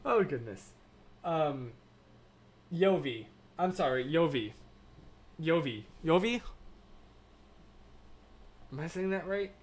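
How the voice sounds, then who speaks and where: A young American man in his twenties hosts a live stream, his voice a little high with lively intonation. He talks slowly with long pauses, rambling casually, using lots of fillers, laughing often, and reading out viewer comments.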